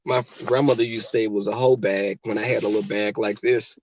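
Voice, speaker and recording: A man's voice: on the low side, steady tone, fast, dull audio, slight background noise. A man casually chatting and telling stories to his livestream viewers from a car. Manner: chatty, talks straight to the chat.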